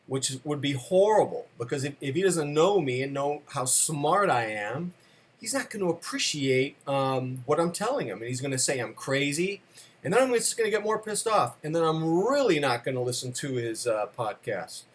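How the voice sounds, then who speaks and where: A man's voice: on the high side, sing-song, normal speed, a little hiss or hum. Rambling, self-deprecating comic storyteller man. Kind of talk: comic monologue.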